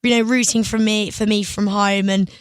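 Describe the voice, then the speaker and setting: A young woman, a singer, telling stories in an excitable, giggly way as a radio guest. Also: medium pitch, normal speed, clean tone, dry recording. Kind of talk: casual interview chat. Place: radio studio.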